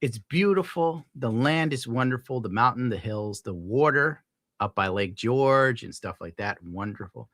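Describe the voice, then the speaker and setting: A man ranting casually on his stream at home, swearing, laughing often and scolding his dog loudly between points. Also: medium pitch, expressive, measured pace, dry recording, clean studio sound. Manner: profane, rambling, laughs often. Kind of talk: casual rant on a live stream.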